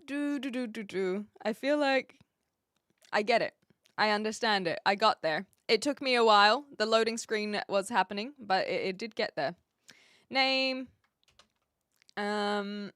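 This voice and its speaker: A woman's voice: mid-range voice, a little slow, fairly bright tone, clear, resonant tone, no echo, clean studio sound. A woman from New Zealand with a New Zealand accent, chatting casually on her live stream while she sets up a chat bot and thinks aloud. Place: home room with brick walls.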